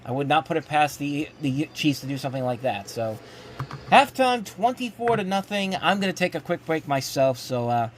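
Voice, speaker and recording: Animated man calling a game live. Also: a little high, a little fast, hardly any pauses, a little hiss or hum. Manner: animated, excitable play-by-play with frequent restarts. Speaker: host live-reacting to a football game. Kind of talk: casual live sports commentary.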